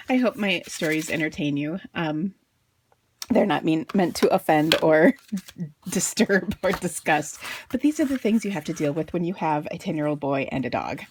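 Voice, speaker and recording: A woman's voice: fairly low pitch, a little hiss or hum. A woman in her thirties chatting casually as she makes a greeting card, telling a funny family story and laughing often. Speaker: card-making crafter and blogger. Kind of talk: casual storytelling while crafting.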